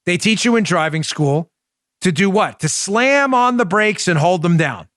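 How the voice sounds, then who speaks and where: A man's voice: high-pitched, animated, moderate pace, a bit bright, dry recording, studio quality. Emphatic Queens-accented man in his forties. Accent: New York (Queens). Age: 40s. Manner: emphatic, rhetorical, addresses listeners directly. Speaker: talk show host. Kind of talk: opinionated radio talk.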